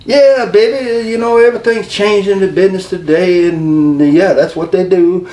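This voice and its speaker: A man doing an impression of a laid-back middle-aged wrestling booker who calls people baby and talks in a slow, persuasive drawl. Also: sits high, fairly even intonation, mellow, voice pushed up, lightly acted. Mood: breezy. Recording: distant, echoey room with faint hum.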